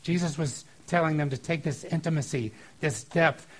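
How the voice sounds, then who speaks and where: A middle-aged man preaching a sermon as a pastor, talking in an earnest, conversational way that gets lively and loud at times. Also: a little high, moderate pace, slight background noise, low-quality recording.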